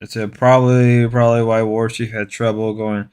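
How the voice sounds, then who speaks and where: Reading chat on a live stream, a man jokes sarcastically in a mock-macho way, rambling and restarting his phrases. His voice is medium-pitched, clear and resonant, with a sing-song lilt, a slightly fast pace and few pauses.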